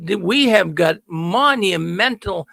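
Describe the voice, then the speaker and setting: Folksy middle-aged host, high and bright, gravelly edge, dry close mic, stresses every point. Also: male voice, lively intonation, slow, no echo. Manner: folksy, emphatic, repeats words for stress. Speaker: call-in show host. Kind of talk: energetic monologue to viewers. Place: studio.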